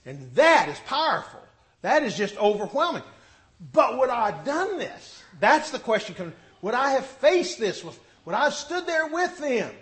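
Animated, high-pitched preacher man. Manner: animated, acts out scripture quotes. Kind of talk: sermon.

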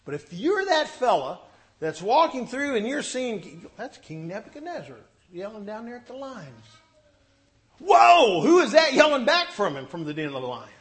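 Animated, high-pitched preacher man. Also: moderate pace. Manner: animated, acts out scripture quotes. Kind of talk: sermon.

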